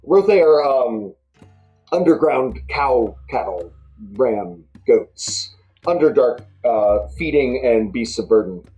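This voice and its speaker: A woman game master narrating a tabletop game in a relaxed, hesitant way full of ums. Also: rumbling low, slow, faint music behind, poor audio.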